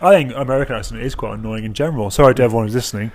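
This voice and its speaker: A man's voice: mid-range voice, rapid-fire, a little mellow. Young black country guy co-hosting a pod, jokey and rambly, lots of ums. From English Midlands. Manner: joking, rambling, with many fillers and restarts. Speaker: podcast co-host. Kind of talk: casual chat.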